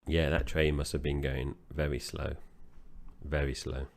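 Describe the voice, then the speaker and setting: A man co-hosting a film review podcast, recapping the plot in a relaxed, loose conversational way. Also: a bass voice, unhurried, gravelly. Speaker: podcast co-host. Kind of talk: casual movie review chat.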